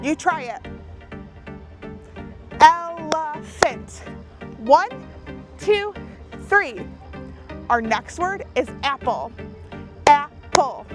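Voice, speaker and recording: A woman with a high voice leads a children's phonics lesson. She speaks slowly and carefully, sounding every word out clearly. Faint music plays beneath her. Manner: cheerful, slow and clearly enunciated for kids. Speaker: teacher.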